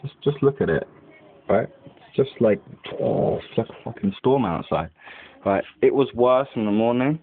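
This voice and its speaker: A man's voice: medium pitch, lively intonation, moderate pace, breathy edge. A young man, rambling casually to the camera at home, full of "like" and swearing. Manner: rambling, heavy use of "like", lots of swearing. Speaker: vlogger. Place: indoors at home by a window. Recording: tinny lo-fi webcam audio.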